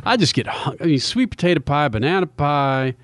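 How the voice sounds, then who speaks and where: A man hosting a radio show, talking loud and enthusiastic, with frequent laughs. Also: fairly high pitch, animated, fairly quick. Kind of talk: casual radio talk.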